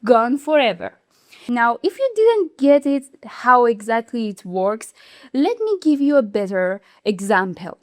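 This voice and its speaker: A non-native English-speaking woman hosting a YouTube commentary, explaining in an animated, indignant way. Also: a little high, a little slow, no echo, clean studio sound. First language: not English. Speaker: YouTube channel host. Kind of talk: video commentary.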